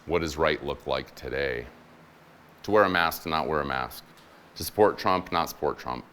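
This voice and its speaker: A man's voice: extremely low pitch, normal speed, fairly bright tone. A man in his forties, a military chaplain, giving a conversational, humorous sermon to a church congregation and acting out the people in his stories. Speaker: guest preacher, military chaplain.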